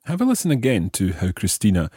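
A man hosting a language lesson podcast, explaining French phrases slowly and carefully. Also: fairly low pitch, huge pitch swings, darkish tone, slightly rough, dry recording, studio quality. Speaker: language teacher host.

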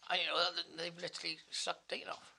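A man's voice: fairly high pitch, flat delivery, fast, vocal fry, very noisy. A man telling crude stories in casual chat, laughing as he goes.

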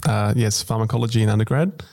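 A man's voice: lowish voice, fast, a little mellow. A man co-hosting an educational podcast, chatting playfully and amused by his own memory tricks. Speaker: co-host and lecturer. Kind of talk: casual educational podcast chat.

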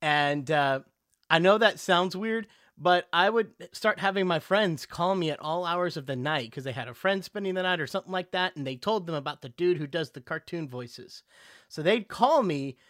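A man who is a voice actor, a guest in a casual interview, telling animated stories and slipping into character voices. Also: fairly high pitch, moderate pace, no echo, clean studio sound.

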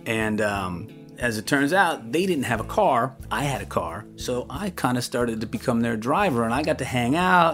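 A man casually recounting a story from his past, lively and acting out other people's voices. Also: mid-range voice. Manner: animated, acts out the voices of others in his anecdotes. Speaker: interviewee recounting his studio career.

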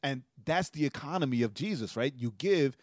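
Man, podcast co-host, casual storytelling, middle pitch, keeps asking "right?", dry close mic. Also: animated, normal speed, a little mellow, no room sound. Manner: storytelling, tags nearly every sentence with "right?". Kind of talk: casual chat.

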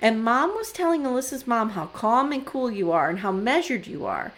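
In casual podcast chat, a co-host in her forties recounts scenes in a lively way, acting out each quote. She speaks at a normal speed in a slightly high voice.

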